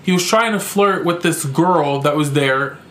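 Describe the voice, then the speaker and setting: A young man with a notably high voice tells a story on his podcast, cursing freely and sounding animated and exasperated. His voice carries a clear room echo. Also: measured pace. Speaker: podcast host. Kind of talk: casual storytelling. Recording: echoey room.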